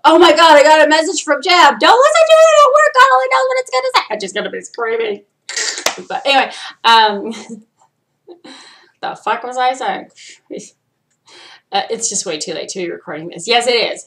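Fairly high-voiced woman, solo podcast host, profane animated rant with loud bursts and mumbled asides. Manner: animated, profane, swings between loud outbursts and low asides. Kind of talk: solo ranting monologue.

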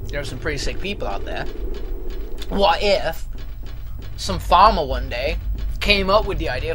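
Playing a horror game, a let's play commentator rambles through foul-mouthed gameplay commentary and screams when something startles him. His high voice is animated and sharp, at a moderate pace.

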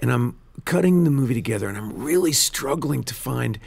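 A man, a film director, telling stories in a casual studio interview, earnest and animated, often restarting his sentences. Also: medium pitch, brisk, gravelly, husky. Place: radio studio.

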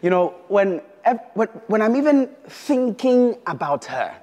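A man hosting a quiz show, playful and shouting out his introductions. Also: sits high, very animated, a little slow. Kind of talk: hyped game show hosting. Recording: reverberant hall with live audience and noise.

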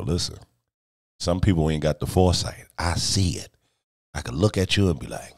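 A man's voice: extremely low pitch, sing-song, moderate pace, darkish tone, dry recording. A middle-aged man chatting casually on a live stream from his home studio, boastful, joking and profane, rambling loosely from one story to the next. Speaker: streamer and music video director.

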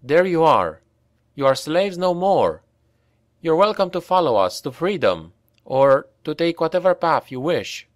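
A man's voice: a little high, big pitch swings, measured pace, dry recording, studio quality, pitched above the performer's own voice. A man voicing a weary male mercenary leader, guilty but resolute and commanding. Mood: reassuring.

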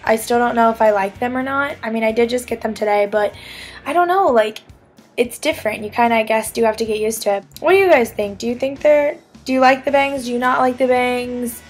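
Young woman vlogger, slightly high voice, chatty and giggly, talking to a camera mic with faint music behind. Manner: chatty and giggly, lots of filler words. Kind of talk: casual chat to camera.

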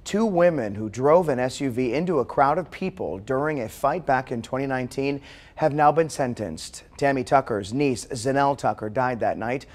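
A man's voice: medium pitch, moderate pace. A man reporting the news in a formal, scripted way.

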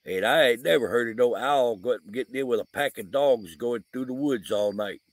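A man's voice: mid-range voice, normal speed, no echo. A man with a drawl talks casually outdoors at night by his van, drifting through a story with lots of "uh" and "um." His voice sits mid-range and sounds close and dry. Crickets and insects chirp behind him. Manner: rambling, folksy storytelling with frequent fillers. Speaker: vlogger, paranormal investigator.

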